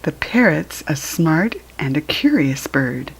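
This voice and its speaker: A woman reads a children's picture book aloud at an unhurried, drawn-out pace. Her voice is soft and airy. She talks gently to young listeners and slips into whispers now and then. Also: sits low, big pitch swings, creaky, slightly rough, rough recording.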